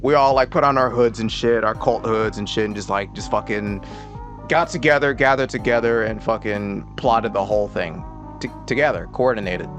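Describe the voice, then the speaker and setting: A man's voice: on the low side, moderate pace, over music. A man ranting in casual political commentary, sarcastic, profane and exasperated.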